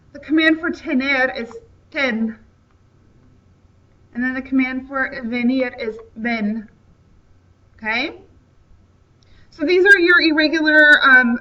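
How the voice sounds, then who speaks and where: Patient woman teacher, somewhat high and bright, recorded off-mic on dull audio. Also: distant mic. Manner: patient, checks in with frequent "okay?". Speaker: Spanish teacher. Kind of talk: classroom grammar lecture.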